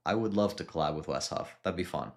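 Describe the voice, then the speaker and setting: A man in his thirties streaming casually and reading viewer questions aloud. He answers in a relaxed, hesitant way with frequent restarts. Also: low-pitched, quick pace. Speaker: fitness streamer answering live chat. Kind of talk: casual live-stream chat.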